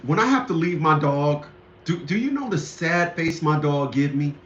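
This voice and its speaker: A man's voice: on the high side, expressive, normal speed, fairly bright tone, a little hiss or hum. A man delivering a rambling, indignant ranting monologue, repeating himself often. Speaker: commentator. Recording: echoey, dull lo-fi room sound.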